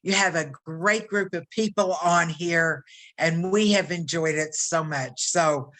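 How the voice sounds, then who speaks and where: A guest on a video call, graciously thanking the host. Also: female voice, fairly low pitch, measured pace, a bit bright.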